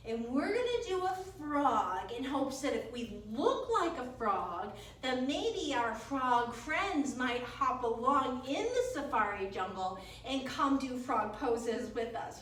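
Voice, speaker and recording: In a yoga studio, a woman with a high voice encourages small children through their class in a sing-song way. She is recorded from far off in a very echoey room, with slight background noise.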